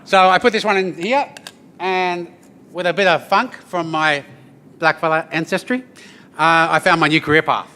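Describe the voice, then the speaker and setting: In a corporate event space, an Australian artist delivers a humorous storytelling talk and a didgeridoo demonstration to a live audience, shifting between jokes and playing. His voice is bright, forceful, and high for a man, with a steady tone at a moderate pace, and he keeps it loose and chatty, tossing "yeah?" and "eh?" to the room.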